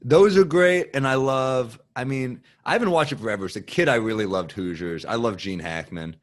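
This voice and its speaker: A man's voice: medium pitch, brisk. Male podcast guest with a mid-range voice who rambles loosely and swears a lot. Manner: rambling, loose and profane, full of "like". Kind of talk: casual chat.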